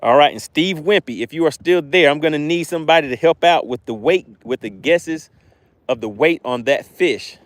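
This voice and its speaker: Out fishing, a man with a Southern accent hosts a livestream, chatting upbeat with viewers and reading their comments aloud. His voice is on the high side at normal speed, and there's no echo.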